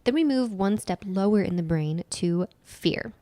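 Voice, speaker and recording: A woman's voice: medium pitch, lively intonation, a little slow, mellow, dry recording. A woman co-hosting a podcast, explaining ideas step by step in casual chat and repeating key phrases for emphasis. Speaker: podcast co-host and nutritional therapist.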